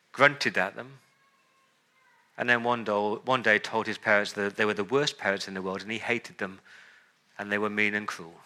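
Man preaching with a very bright tone. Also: lowish voice. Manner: emphatic, repeats words and lists for effect. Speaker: pastor. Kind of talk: sermon.

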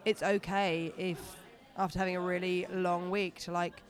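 A stand-up comedian in relaxed interview mode, talking in long, rambling runs full of restarts and asides. The tone is self-deprecating and chatty, at an everyday pitch. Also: moderate pace. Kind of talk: casual interview chat.

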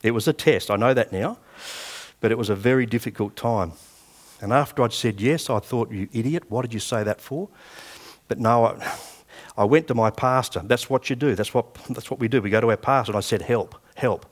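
A man's voice: mid-range voice, fairly quick. A man in his sixties with an Australian accent, preaching a sermon and telling personal stories in a conversational way. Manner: conversational storytelling, acting out past dialogue.

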